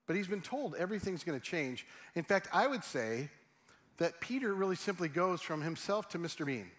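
A man's voice: high voice, animated, moderate pace, a bit bright. A middle-aged man preaching a sermon in a humorous, conversational way, often asking his audience questions. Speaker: pastor.

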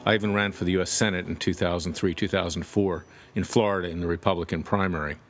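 Low-voiced man giving indignant commentary. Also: steady tone, quick pace, faint music behind. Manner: emphatic, indignant. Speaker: political commentator. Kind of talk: direct-to-camera political commentary.

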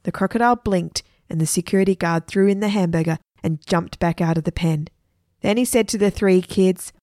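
Expressive woman reading a children's story. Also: lowish voice, fairly quick, no echo, studio quality.

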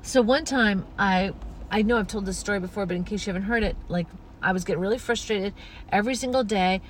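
A woman hosting a spiritual podcast, talking in a gentle, flowing, earnest way with many soft asides. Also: mid-range voice, quick pace, slight background noise. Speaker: podcast host.

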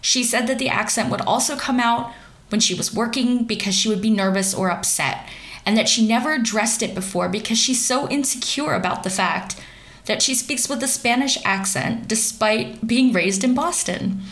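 A woman's voice: a little high, normal speed, fairly bright tone. Woman, young adult, sardonic gossip commentator, wry and sarcastic. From central Pennsylvania, US.

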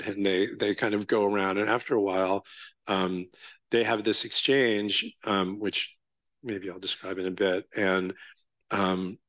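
Low-voiced man giving a casual dharma talk. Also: steady tone, a bit bright, no room sound. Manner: casual, halting, full of fillers and "right?" checks. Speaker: Zen teacher.

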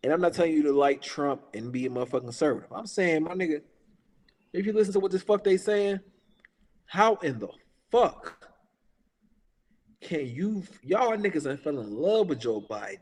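A man's voice: fairly high pitch, animated, normal speed, long pauses, a little mellow, big-room sound. A man in his thirties ranting in casual talk, heated and profane, repeating his points with emphasis. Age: 30s. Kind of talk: casual political rant.

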